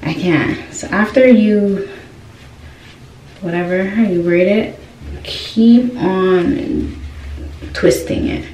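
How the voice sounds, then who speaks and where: A woman's voice: mid-range voice, slow, pauses often, mellow. Chatty young woman, roomy distant sound. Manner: chatty, keeps asking viewers "y'all" questions. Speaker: beauty vlogger. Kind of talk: casual hair tutorial. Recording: roomy, distant with faint noise.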